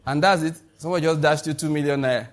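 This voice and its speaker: A man's voice: fairly high pitch, racing. A middle-aged man with a Nigerian accent preaching a sermon, emphatic, repeating key phrases and checking that his listeners follow. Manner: emphatic, repeats lines, asks the congregation questions. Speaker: pastor.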